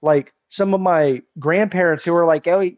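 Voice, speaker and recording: A young man ranting while he streams a game. His voice sits fairly high, and his rambling is heated and full of swearing and false starts. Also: normal speed, muffled recording. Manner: heated, profane, rambling rant with many restarts. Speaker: gaming livestreamer. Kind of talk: ranting live-stream commentary while gaming. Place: at home at a game console.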